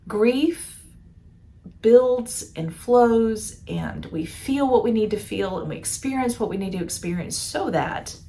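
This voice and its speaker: Woman, coach, lowish voice, earnest, conversational, guided imagery talk. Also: creaky, darkish tone, slight background noise. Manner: conversational, earnest, repeats words while searching. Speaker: betrayal recovery coach.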